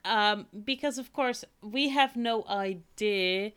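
A woman's voice: mid-range voice, slow, fairly bright tone, clear, resonant tone. A woman co-hosting a casual film discussion podcast, chatty and amused, with plenty of fillers. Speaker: podcast co-host.

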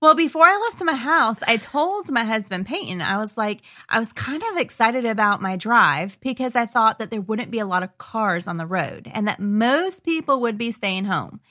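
Bubbly high-voiced woman, lively. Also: normal speed, hardly any pauses. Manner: bubbly, laughs often. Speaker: podcast co-host. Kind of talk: casual chat.

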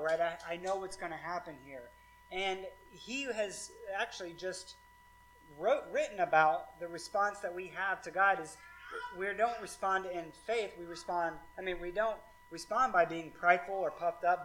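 A man's voice: sits high, a bit bright, slight background noise, low-quality recording. A man preaching a sermon as pastor in a casual, conversational way, often checking in with his listeners. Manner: casual and conversational, many fillers like "like" and "right".

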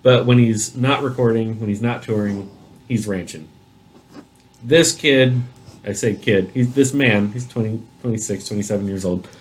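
A man co-hosting a casual chat over drinks, telling stories in an animated way. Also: fairly low pitch, moderate pace. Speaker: podcast co-host.

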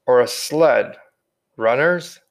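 A man reading the part of a weary old man who carries heavy memories, speaking slowly with sighs. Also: mid-range voice, lively intonation, creaky. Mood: gentle. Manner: slow, weighted, sighing. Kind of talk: audiobook character reading.

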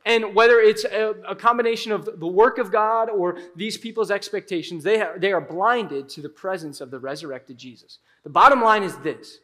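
High-voiced man preaching with dramatic pauses. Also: a bit bright. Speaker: pastor. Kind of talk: sermon.

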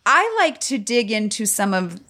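A woman hosting a podcast, interviewing her guest in an eager, quick way. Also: mid-range voice, very animated, bright, forceful tone. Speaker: podcast host. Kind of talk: casual interview chat.

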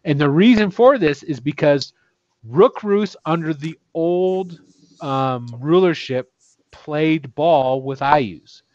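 A man's voice: on the high side, takes it slowly, a little mellow, no echo. Chatty man running a tabletop game. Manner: loose, chatty, laughs often. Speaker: game master. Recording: dull, dry recording.

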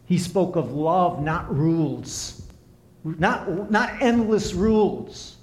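A man preaching a sermon and counseling as he talks, impassioned, swinging from soft to emphatic. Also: sits high, slow. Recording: echoey room.

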